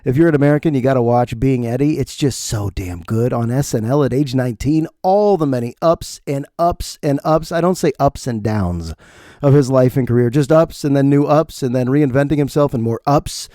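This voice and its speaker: Brief: warm-toned middle-aged podcast host, animated comic riffing, quick laughs. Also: male voice, mid-range voice, dry recording, studio quality. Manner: animated, laughs often, mimics lines. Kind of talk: comedic podcast monologue. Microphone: studio podcast mic.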